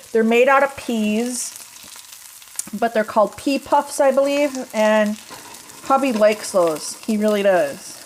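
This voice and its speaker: A woman's voice: fairly high pitch, slight background noise. A woman vlogger chatting casually to her phone camera while cooking in her home kitchen, folksy and easygoing.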